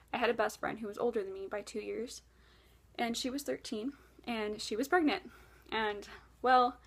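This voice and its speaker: A woman tells a painful personal story straight to camera, earnest and emotional. Her voice sits a little higher than average. She swings between loud outbursts and hushed, almost whispered moments. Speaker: vlogger. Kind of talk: confessional storytelling vlog.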